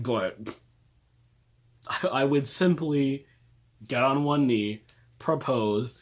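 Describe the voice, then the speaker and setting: A young man ranting comedically about favorite characters, swearing, laughing and talking dramatically. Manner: animated, swearing, laughing, dramatic jumps up in pitch. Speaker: video creator reviewing characters. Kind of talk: comedic casual rant.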